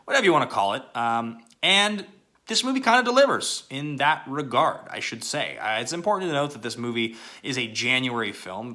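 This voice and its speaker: A man's voice: mid-range voice, bright, forceful tone. A man hosting a casual movie review channel, chatty and loose, with lots of fillers and asides.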